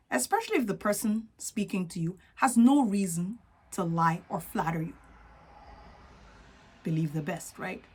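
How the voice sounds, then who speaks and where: A woman's voice: mid-range voice, animated, normal speed, a little mellow, husky. A woman with a non-native accent giving a motivational talk as a confidence coach, earnest and coaching, often checking in with the listener.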